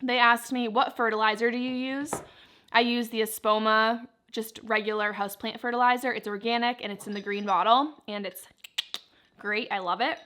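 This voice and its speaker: A woman's voice: fairly high pitch, steady tone, normal speed, sharp tone, a little hiss or hum. A young woman vlogger chatting casually, answering viewer questions while she eats. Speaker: plant vlogger.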